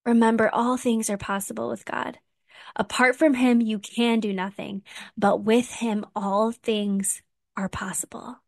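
A woman's voice: fairly high pitch, little pitch movement, measured pace, dry recording. A woman hosting a faith podcast, a mom talking in an earnest, heartfelt way, close to the mic. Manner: earnest and heartfelt, getting emotional. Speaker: podcast host. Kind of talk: casual faith podcast talk.

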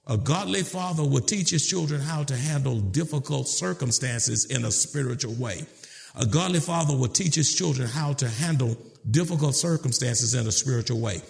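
Man preaching a sermon with rising shouts. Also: gravelly. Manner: preacherly, swings from low calm to shouted emphasis. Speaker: pastor.

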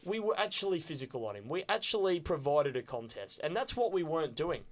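A man's voice: fairly high pitch, sing-song, fairly quick. A young adult man with an Australian accent, chatting enthusiastically as a podcast co-host, often repeating words as he goes. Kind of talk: casual chat.

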